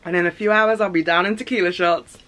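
A young woman vlogging in a casual, chatty and excitable way, rambling with fillers. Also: fairly low pitch, fast talker. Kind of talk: casual vlog chat.

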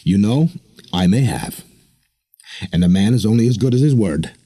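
A man's voice: on the low side, expressive, normal speed, mellow, breathy edge, no room sound, studio quality, pitched above the performer's own voice. A man voicing a cold, commanding warrior-priest villain who gives clipped orders. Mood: mocking.

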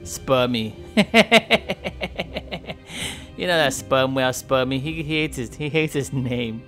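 In a playful game-commentary role-play, a man voices a friendly, chatty male bowhead whale who rambles, cracks jokes and trash-talks polar bears. His medium-pitched voice is a bit bright, at normal speed and lightly acted, with soft music in the background.

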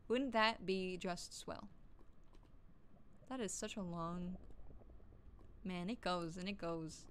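A woman's voice: mid-range voice, fairly even intonation, measured pace, pauses often, smooth. Jokey, swearing gamer woman. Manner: chatty, profane, jokey self-talk; jumpy, yelps when startled. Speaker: gaming streamer. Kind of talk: casual gameplay commentary.

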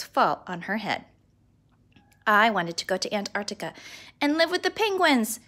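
A woman reading a children's book aloud in an expressive, playful way. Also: medium pitch, normal speed, pauses often. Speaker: storybook reader.

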